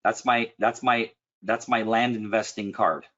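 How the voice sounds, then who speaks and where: A man coaching a client one-on-one in a casual, blunt and animated way, often clearing his throat. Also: lowish voice, measured pace, highs cut off. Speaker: business coach.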